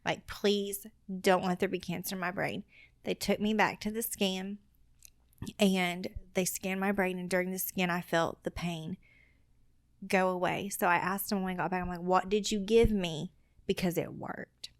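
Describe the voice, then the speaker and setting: Recorded dry at studio quality, this woman's voice sits on the low side and moves at a normal speed. A mother appearing on a podcast, she shares her own story with sincerity, vividly quoting and performing the words of others.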